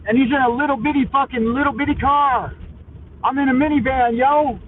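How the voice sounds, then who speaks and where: A man hosting a live stream from his minivan, loud and crude, cursing at other drivers while hopped up on coffee. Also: very high-pitched, steady tone, fairly quick, slightly rough. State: highly caffeinated. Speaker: vlogger, live-stream host. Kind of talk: profane driving rant on a live stream. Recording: tinny, phone-like with faint vehicle noise.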